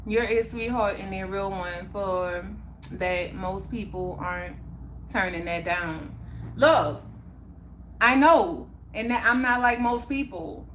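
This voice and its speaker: Bright-voiced heartfelt woman livestreamer. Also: mid-range voice, slow pace, a little hiss or hum. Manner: emphatic, heartfelt, repeats phrases for emphasis. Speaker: livestream host. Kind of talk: casual livestream chat.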